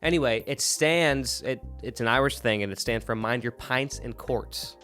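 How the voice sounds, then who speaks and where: A man's voice: medium pitch, moderate pace, a bit bright, soft background music. A man hosting a podcast in casual chat, laughing often and restarting his sentences. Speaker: podcast host.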